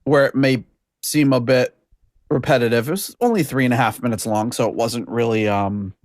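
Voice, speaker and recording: A man's voice: mid-range voice, moderate pace, dry recording, clean studio sound. A man hosting a music podcast, chatting casually with many fillers and restarts. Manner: relaxed, hesitant with fillers. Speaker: podcast host. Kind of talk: casual chat.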